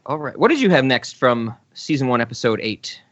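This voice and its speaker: A man's voice: medium pitch, very animated, fairly quick, fairly bright tone, no room sound, muffled recording. A man hosting a film podcast in casual chat, easygoing and chuckling often. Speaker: podcast host.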